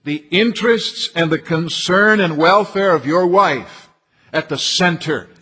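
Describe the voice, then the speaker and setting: A man preaching a sermon in a measured way, repeating key phrases for emphasis. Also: a little high, sharp tone, breathy edge.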